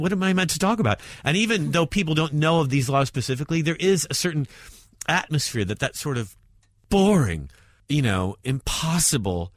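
A man, a stand-up comedian, talking provocatively in an interview, swinging between loud jabs and muttered asides. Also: a little high, no echo, studio quality.

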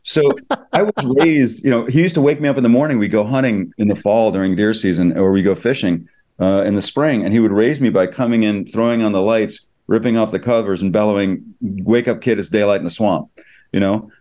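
A middle-aged screenwriter speaks rapidly in a somewhat low register. He tells behind-the-scenes stories with eager, tumbling energy and frequent restarts. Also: warm tone. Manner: rapid, enthusiastic, many restarts. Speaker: screenwriter and producer. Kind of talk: interview, anecdotal storytelling.

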